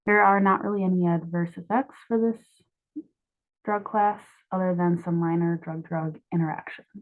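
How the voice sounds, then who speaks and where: A woman's voice: on the low side, steady tone, normal speed. A young woman in her twenties walks through her own drug mnemonic drawings in a chatty, offhand way, correcting herself as she goes. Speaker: student explaining drug mnemonics. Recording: tinny phone-like sound.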